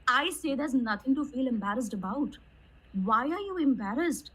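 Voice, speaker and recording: A woman with an Indian accent, speaking emphatically in a casual roundtable chat, stressing each syllable clearly. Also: fairly high pitch, lively intonation, moderate pace, fairly bright tone, rough recording. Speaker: guest YouTuber.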